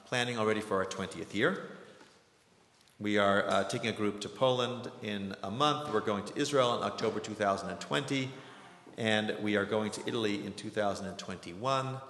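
Chatty low-voiced man in an echoey hall. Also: fairly bright tone. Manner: chatty, joking asides, frequent ums. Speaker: program host. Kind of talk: announcements and speaker introduction. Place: lecture hall with audience. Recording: echoey hall with faint noise.

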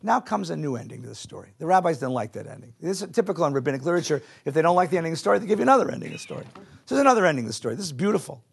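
A man teaching a Jewish text class to a live audience, animated, asking the room questions and mixing in Hebrew and Yiddish words. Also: fairly high pitch, very fast, creaky, breathy edge.

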